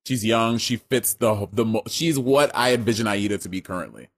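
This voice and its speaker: A man's voice: lowish voice, fairly quick. A man co-hosting a podcast, bantering casually with his sibling, swearing freely and laughing often. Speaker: podcast co-host.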